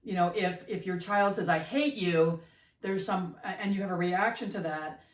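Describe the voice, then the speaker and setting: A middle-aged woman with a somewhat low voice explains things in a reflective, conversational way. She sits a bit back from the microphone, and the room around her sounds roomy and echoey. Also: normal speed, a little hiss or hum. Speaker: podcast co-host, mother. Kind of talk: casual conversation. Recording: roomy, distant from the mic.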